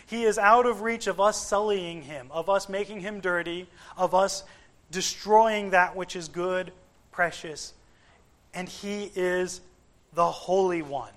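A man preaching a sermon, measured and emphatic, with frequent pauses for weight. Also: sits high, a bit bright.

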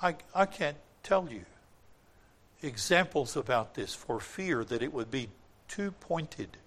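An older man preaching a sermon, telling a personal testimony in an earnest way, building to emphatic points and dropping to quiet asides. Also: fairly high pitch, animated, takes it slowly.

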